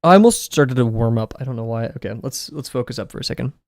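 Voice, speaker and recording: A man's voice: medium pitch, animated, quick pace, no room sound. Man, casual livestream chatter, slightly scratchy voice, dry close sound, rambling and jokey. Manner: rambling, self-deprecating, chatty. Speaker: art livestreamer. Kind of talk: casual live-stream chat while drawing. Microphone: desk mic, no camera.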